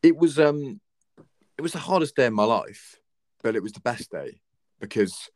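A man's voice: medium pitch, expressive, moderate pace, no echo, clean studio sound. A young man in his twenties talking earnestly and reflectively, giving heartfelt advice in a casual conversation.

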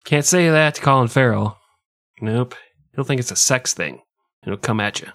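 A man's voice: mid-range voice, animated, measured pace, fairly bright tone, no room sound, clean studio sound. A man co-hosting a casual comedic podcast, joking around and slipping into mock voices. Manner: jokey, slips into mock voices. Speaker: podcast co-host.

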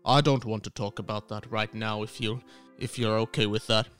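A man's voice: on the low side, fairly even intonation, moderate pace, fairly bright tone, soft background music, voice pushed down, lightly acted. A man voicing a smug, callous old Santa Claus in an improvised comedy sketch. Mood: wistful. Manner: self-satisfied, dismissive, snaps insults.

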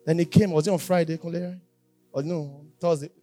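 A male preacher delivering a sermon, emphatic and repetitive, moving between loud exhortation and quiet asides. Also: fairly high pitch, steady tone, fairly quick, soft background music.

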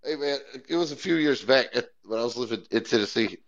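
A young man rambling through laid-back, cussing anecdotes on a casual podcast. His pitch is middle-range. The recording has a dull, lo-fi quality. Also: animated, fast, gravelly. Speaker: podcast co-host. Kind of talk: casual chat. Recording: dull lo-fi sound.

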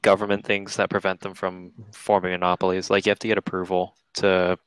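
A man's voice: deep voice, little pitch movement, fairly quick, fairly bright tone, clean tone, dry recording, low-quality recording. A young man co-hosting a casual podcast, giving short, dry reactions. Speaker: podcast co-host. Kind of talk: casual chat.

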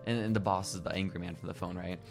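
Casting: young man, podcast co-host, low voice, animated storyteller who acts out lines. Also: fast talker, creaky, soft background music. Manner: animated, retells scenes by acting out lines. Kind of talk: casual podcast chat.

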